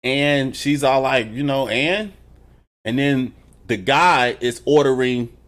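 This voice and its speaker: Animated, profane man reviewing TV. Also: medium pitch, a little slow. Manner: laughs between remarks. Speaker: TV episode reviewer. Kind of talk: casual reaction review.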